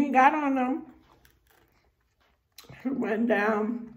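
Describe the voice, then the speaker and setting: A woman with a New York accent, telling animated family stories in a casual storytime vlog. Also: sits high, slow pace, long pauses, dull audio. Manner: animated storyteller acting out voices.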